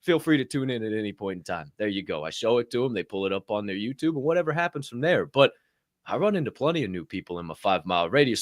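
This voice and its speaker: A young man co-hosting a podcast, his pitch leaping about as he tells animated stories. He swears freely and gets loud in a casual, rowdy way. The sound is close and dry, with no room around it. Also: fast talker, dry recording. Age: young adult. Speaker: podcast co-host. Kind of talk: casual chat. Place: podcast studio.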